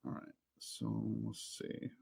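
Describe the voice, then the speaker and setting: A man who is a real estate broker and podcast host, coaching listeners on sales cold calls in an upbeat, chatty way, laughing often and repeating words when excited. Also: slow pace.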